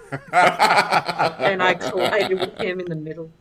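A woman's voice: lowish voice, steady tone, extremely slow, a crowd in the background. A woman in a casual chat who tells a story, swearing freely and laughing as she goes.

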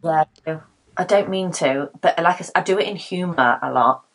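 A woman in her late twenties chatting casually, laughing often and becoming animated when she quotes herself. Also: on the low side, brisk. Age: 20s. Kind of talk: casual chat.

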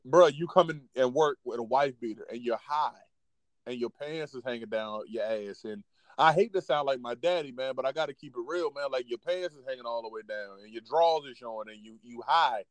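A man's voice: medium pitch, a little fast, dry recording. A man in his thirties co-hosting a casual talk show, talking bluntly and profanely about work and life. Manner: blunt, profane, keeps it real. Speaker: podcast co-host. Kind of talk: casual chat.

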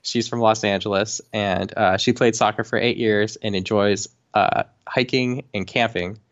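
A young man co-hosting a casual chat, talking haltingly with many fillers and restarts. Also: on the low side, steady tone. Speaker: co-host. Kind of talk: casual chat about reality TV. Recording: dull lo-fi home recording.

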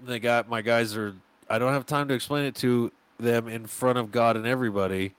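A man telling stories on a podcast, animated and swearing freely, acting out the people he quotes. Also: medium pitch, fairly quick, smooth, no echo. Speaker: podcast guest. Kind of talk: casual podcast chat. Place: podcast studio.

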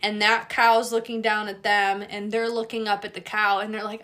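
Woman host, dog trainer, bright and animated, casual and profane. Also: mid-range voice, moderate pace, hardly any pauses. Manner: animated, swears freely, acts out dog voices. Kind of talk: casual chat.

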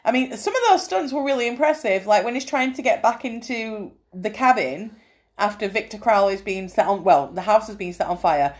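Eager woman gushing about gory films, quick to laugh. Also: medium pitch, lively intonation. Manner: enthusiastic, laughs often, swears casually. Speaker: podcast co-host. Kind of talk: casual film review chat.

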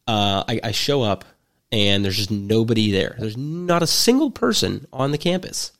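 A man's voice: on the low side, lively intonation, normal speed, fairly bright tone. A man in his twenties telling a story in casual chat, rambling with many fillers and restarts, and wry and jokey in his delivery. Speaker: podcast storyteller.

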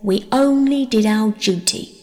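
A woman's voice: on the high side, unhurried, darkish tone, close to an everyday voice. A woman doing a cocky young boy. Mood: teasing. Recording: long reverb.

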